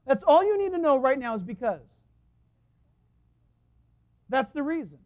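A man's voice: very high voice, moderate pace, long pauses. Guy pastor preaching, tells stories and chuckles at them, kinda dull lo-fi recording. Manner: storytelling, lively, laughs at his own stories. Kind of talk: sermon. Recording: dull lo-fi sound.

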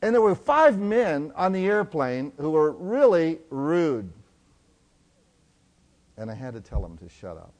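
A middle-aged man preaching a sermon, telling stories and swinging from loud to hushed. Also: a little high, big pitch swings, unhurried, pauses often. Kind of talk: sermon storytelling.

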